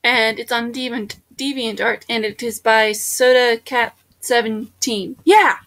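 A woman's voice: steady tone, measured pace, fairly bright tone. Bubbly, jokey young woman gamer. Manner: bubbly, jokey, jumps into sudden high exclamations. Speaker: let's-play host. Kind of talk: casual gaming chat.

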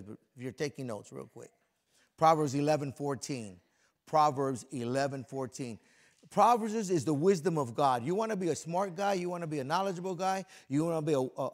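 A middle-aged man preaching a lively, folksy sermon as a pastor, joking with the congregation and swinging between soft and loud. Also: medium pitch. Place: church sanctuary before a congregation.

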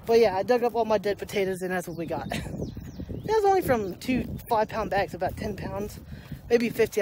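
A woman's voice: mid-range voice, animated, moderate pace, background noise. Rambling woman vlogging from her garden. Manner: chatty, rambling, laughs often. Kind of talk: casual vlog chat. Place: outdoors in a backyard garden.

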